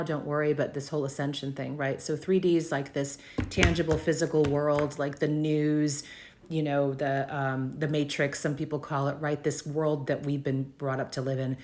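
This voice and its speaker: A woman in her fifties with a low-pitched voice, chatting off the cuff on a live stream. She riffs freely and circles back to repeat her key phrases for emphasis. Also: a little mellow. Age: 50s. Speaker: host of a live video for business owners.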